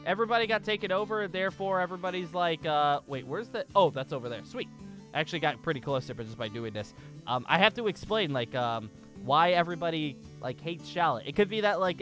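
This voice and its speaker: A man hosts his own gaming video, talking through his play in a loose, rambling way and often restarting sentences midway. His voice sits a bit higher than most men's, and soft music plays faintly underneath. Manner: rambling, thinking aloud with frequent restarts. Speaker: gaming channel host. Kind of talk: casual gameplay commentary.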